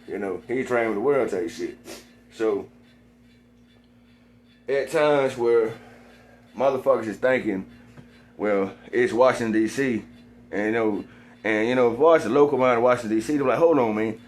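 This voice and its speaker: A man in a rambling monologue, swearing constantly and repeating himself, sometimes getting heated and loud. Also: medium pitch, normal speed, pauses often. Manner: gets heated and loud at times.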